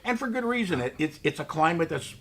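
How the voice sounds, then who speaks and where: A man's voice: a little high, very animated, fast talker, very noisy. A man co-hosting a casual wine tasting chat, emphatic and joking.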